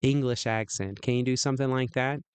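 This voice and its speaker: A man's voice: medium pitch, brisk, smooth, no echo. A man hosting a livestream, chatting playfully and rambling with many restarts. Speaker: livestream host. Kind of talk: casual stream chat.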